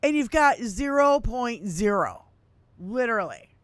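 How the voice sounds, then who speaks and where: Woman, fifties, podcast co-host, profane, animated, smooth voice, dry sound. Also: on the high side, unhurried, no room sound. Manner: profane, animated, laughs often. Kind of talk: casual political chat.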